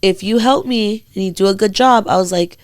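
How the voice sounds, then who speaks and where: A young woman co-hosting a podcast, telling a long story in a casual, animated way, swearing freely and acting out what other people said. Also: medium pitch, a little fast, no room sound, clean studio sound. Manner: animated, swears freely, acts out quoted voices. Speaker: podcast co-host.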